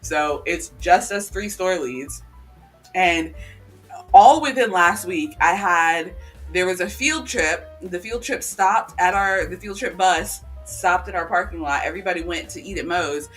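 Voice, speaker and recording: A podcast co-host in casual chat, telling stories in an animated way with sarcastic asides. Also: medium pitch, a little slow, faint music behind.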